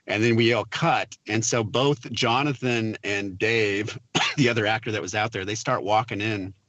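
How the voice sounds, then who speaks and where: Bright-voiced man telling a story. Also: on the low side, moderate pace, no room sound, muffled recording. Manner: animated storyteller, acts out quotes with laughs. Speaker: film producer guest. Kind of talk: casual interview storytelling.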